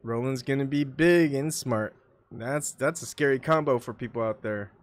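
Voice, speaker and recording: A man's voice: medium pitch, moderate pace. Man musing aloud on a solo livestream. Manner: muttering to himself, mixing asides with musings; frequent coughs and throat clearing. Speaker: livestream host. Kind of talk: rambling solo livestream chat. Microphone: desktop microphone.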